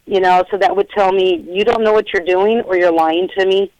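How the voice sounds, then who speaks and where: A middle-aged woman calls in over a dry phone line and talks at an even middle pitch. She tells her stories in a chatty, animated way and acts out the quotes. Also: brisk, dry recording. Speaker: paranormal investigator guest. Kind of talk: casual storytelling interview.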